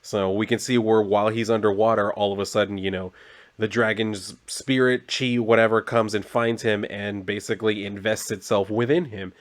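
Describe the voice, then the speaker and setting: A man's voice: on the low side, level tone, moderate pace. Rambling man recapping a comic. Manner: rambling, with filler words and asides. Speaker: comic book reviewer.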